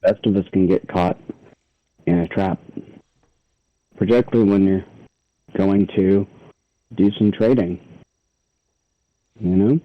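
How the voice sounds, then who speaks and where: Terse deep-voiced man on a dull line. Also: fairly even intonation, slow pace, pauses often. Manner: terse, blunt. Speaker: player. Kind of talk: casual tabletop play. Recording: dull, lo-fi sound.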